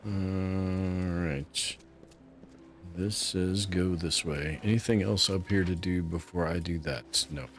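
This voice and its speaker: A man hosting a relaxed let's play, chatting and musing aloud as he plays. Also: deep voice, takes it slowly, faint music behind. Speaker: gameplay host.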